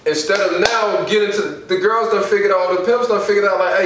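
A man's voice: a little fast, distant mic. A man who works as a teacher, chatting casually on a podcast and telling stories animatedly with quoted voices. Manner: animated storytelling, jumps up high for quoted voices. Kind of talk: casual chat. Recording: echoey room, voice from off-mic, faint noise.

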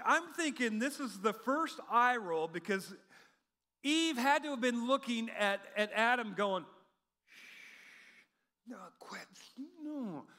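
A man preaching a sermon in an animated, humorous way, acting out quotes from the text. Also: very high voice. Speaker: pastor. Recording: long hall reverb.

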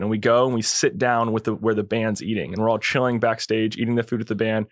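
A man's voice: fairly low pitch, fairly even intonation, quick pace, hardly any pauses, no echo, studio quality. A young man, a podcast guest, telling a long story in a laid-back, slangy way and acting out quotes. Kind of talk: casual storytelling.

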